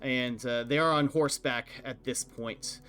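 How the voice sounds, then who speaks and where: A man's voice: medium pitch, steady tone, a bit bright. Hesitant man narrating a tabletop game. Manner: halting, many fillers. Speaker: game master.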